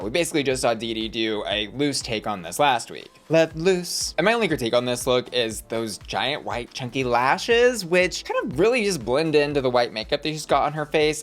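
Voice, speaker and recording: A man's voice: a little high, fairly bright tone. An American man giving sassy, blunt recap commentary as a reality TV reviewer, with a campy, dramatic manner. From United States.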